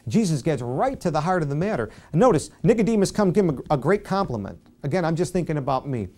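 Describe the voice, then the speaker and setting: A man preaching a Bible-study sermon as pastor, conversational and self-deprecating, softly acting out quoted speech. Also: fairly high pitch, big pitch swings, fast talker.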